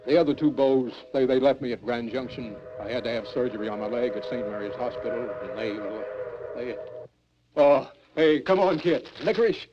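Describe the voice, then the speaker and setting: In a cave, an older man tells of his life as a hobo in a rambling, folksy drawl laced with curses, captured on muffled 1970s film sound with hiss. His mid-range voice is brisk, with fairly even intonation, in a rough storytelling documentary interview.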